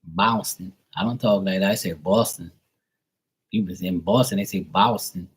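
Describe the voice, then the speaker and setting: This tarot-reading live streamer has a low, somewhat mellow voice with a bit of roughness, and he speaks a little fast. His chat is loose and profane, full of laughter and impressions of other people's voices.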